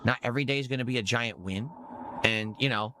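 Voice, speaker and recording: A man's voice: medium pitch, quick pace, noisy background. A man streaming live, reading his chat and rambling defensively about support for his stream.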